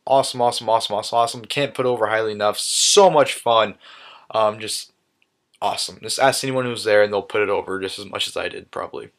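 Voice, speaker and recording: A man's voice: on the low side, fast talker, fairly bright tone. Enthusiastic young man recapping casually. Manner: enthusiastic, repeats "awesome" with many fillers. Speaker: vlogger recapping a live wrestling event.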